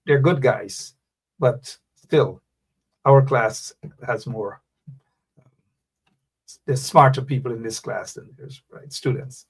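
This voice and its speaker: This radio show host has a mid-range voice with a breathy edge, and he runs a live political talk program. He reads viewer comments aloud, calls out names, and urges listeners on in an animated, preachy style, repeating phrases for emphasis.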